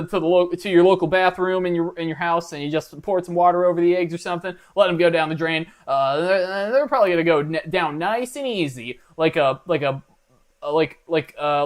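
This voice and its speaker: A young man, a college student, rambling through a comedic reaction commentary with lots of fillers and restarts in a mock-earnest way. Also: high voice. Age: young adult. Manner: mock-earnest, self-deprecating. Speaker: reaction video host.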